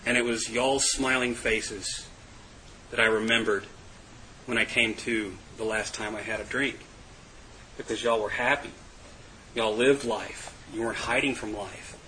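Man, personal testimony, candid, self-mocking, bright tone, faint background ambience. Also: lowish voice, fairly even intonation, measured pace, long pauses, a little hiss or hum, rough recording. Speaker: recovery meeting speaker.

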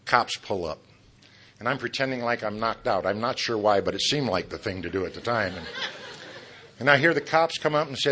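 A middle-aged man tells his story at a recovery meeting, turning his own failings into jokes. His voice is bright and forceful, and he keeps chuckling at his own lines. He throws asides straight at the listeners. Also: fairly low pitch, expressive, a little fast, a little hiss or hum. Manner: talks straight to the audience with asides. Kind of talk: humorous personal testimony.

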